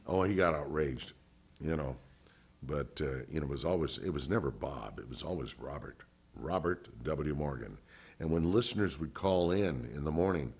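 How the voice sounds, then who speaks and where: With a very deep, husky voice at ordinary speed, an older ex-radio DJ shares stories during an oral history interview. He's an expressive storyteller who imitates the voices of those he quotes.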